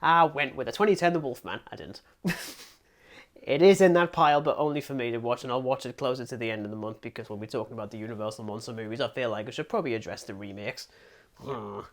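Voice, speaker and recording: A man's voice: mid-range voice, fast talker. Rambling English man co-hosting a podcast. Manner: rambling and self-deprecating, with frequent "um"s and laughs. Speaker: podcast co-host. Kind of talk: casual film review chat.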